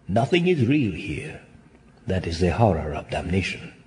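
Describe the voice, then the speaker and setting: A man's voice: low-pitched, very animated, normal speed, darkish tone. An actor playing a weary, sardonic nobleman damned to hell, in a classic stage-play delivery. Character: weary, ironic damned nobleman, male adult.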